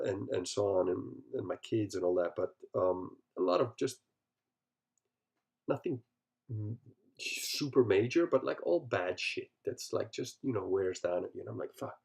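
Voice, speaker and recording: A man's voice: deep voice, gravelly, a little mellow. A middle-aged man hosting a solo podcast, talking bluntly and profanely, telling stories and acting out what people said. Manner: profane, blunt, storytelling with acted-out quotes. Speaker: podcast host.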